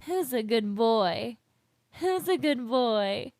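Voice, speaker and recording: A man voicing a calm, menacing young woman who teases in a cool, controlled way. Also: very high-pitched, slow pace, creaky, dry recording, voice pushed up, full character voice. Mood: teasing menace.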